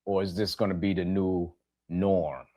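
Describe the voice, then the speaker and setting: A middle-aged man hosts a podcast in a low, dark voice, speaking flatly at a measured pace. He talks plainly to his listeners in a reflective monologue, repeating key phrases for emphasis and putting direct questions to them.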